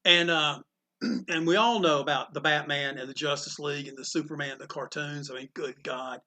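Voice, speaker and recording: Animated high-voiced man telling stories. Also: moderate pace. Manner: animated anecdotes with acted-out quotes. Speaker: comic shop owner. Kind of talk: casual storytelling interview. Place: inside his comic shop.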